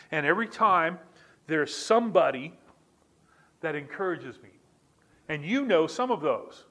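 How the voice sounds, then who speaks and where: A man's voice: a little high, fairly bright tone. A middle-aged male pastor preaching a sermon in an earnest way, repeating key lines for emphasis.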